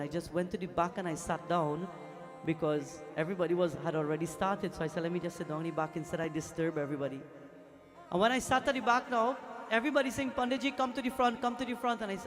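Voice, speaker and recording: A man preaching a Hindu temple sermon as pundit, telling stories and acting out the voices in them. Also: high voice. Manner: storytelling, acts out quoted voices, breaks into devotional song. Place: temple hall during a festival night.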